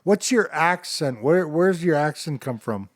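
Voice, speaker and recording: A man co-hosting a casual podcast, joking and teasing in quick banter. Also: a little high, lively intonation, no room sound, clean studio sound. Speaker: podcast co-host. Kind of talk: casual hockey chat.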